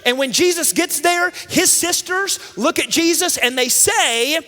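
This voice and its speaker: A man telling a Bible story to children in lively style, energetically calling for the audience to answer back. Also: very high-pitched, a little slow, few pauses. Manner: energetic, calls out for audience responses. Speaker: children's minister. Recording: long reverb from a large hall.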